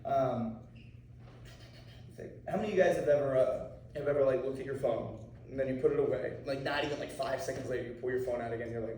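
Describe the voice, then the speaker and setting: A martial arts instructor talking casually to a class of students, often checking in with "okay?" and "right?". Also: male voice, mid-range voice, fast talker, mellow, a little hiss or hum. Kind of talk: anti-bullying talk to a class. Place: school room with students. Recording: echoey room, mic far off.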